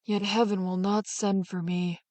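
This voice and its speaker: A woman's voice: medium pitch, level tone, no room sound, natural voice. Woman voicing a weary old cattle drover. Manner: slow, quiet and resigned.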